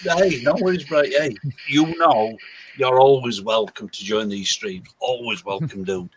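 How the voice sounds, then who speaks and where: A man's voice: mid-range voice, unhurried, slightly rough, poor audio. A British man hosting a livestream, laid-back and joking in casual chat. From Britain. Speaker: livestream host.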